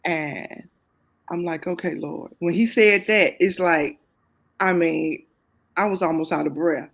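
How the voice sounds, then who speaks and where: Woman, middle-aged, talk show guest, gravelly voice with vocal fry, lively personal storytelling, casual Southern phrasing. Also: on the low side. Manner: lively, expressive, quick to laugh at herself.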